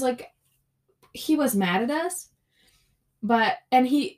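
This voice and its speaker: A young woman rambling through a solo podcast at an unhurried, drawn-out pace. Her talk is loose and profane, full of "like" and heavy complaining. Her voice sits at a middling pitch for a woman. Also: a little mellow. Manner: ranting, frequent cursing, lots of "like" fillers. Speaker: podcast host. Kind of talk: casual solo podcast chat.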